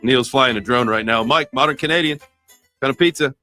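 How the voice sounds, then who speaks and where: A man's voice: medium pitch, brisk, pushed and bright, soft background music. Profane joking male crypto show host. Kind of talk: casual livestream chat.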